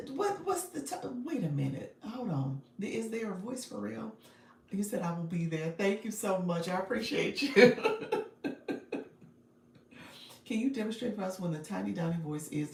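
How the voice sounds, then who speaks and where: A woman's voice: fairly low pitch, gravelly, darkish tone, echoey room, recorded from a distance. A woman coaching viewers on a casual livestream. She is chatty, laughs often and speaks straight to her audience.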